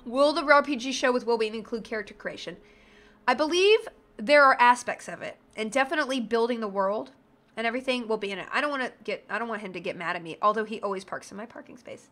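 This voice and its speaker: A woman's voice: fairly high pitch, quick pace, fairly bright tone. A woman streaming herself making a game character, chatting casually and joking with her viewers in a bubbly, irreverent way. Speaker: streamer playing a role-playing game. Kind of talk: casual livestream commentary, reading chat.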